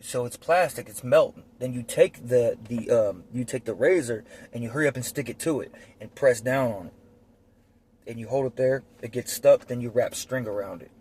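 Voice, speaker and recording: A man's voice: mid-range voice, normal speed, darkish tone, slight background noise. A man telling prison stories in a blunt, profane, rambling way with lots of fillers, as a casual monologue recorded on a phone. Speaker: storyteller recounting prison life.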